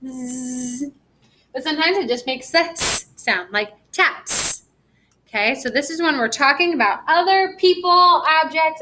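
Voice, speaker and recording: A young woman teacher records a reading lesson for first graders. Her voice is bright and sits a little high. She is slow and encouraging and stretches words out for small children. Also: slight background noise, rough recording.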